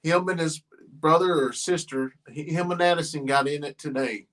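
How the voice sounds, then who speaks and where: A middle-aged man hosts a loose, rambling livestream chat, pausing often with fillers. His voice sits a bit higher than most men's. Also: steady tone, fairly bright tone. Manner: rambling, halting with many fillers. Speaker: farm channel host.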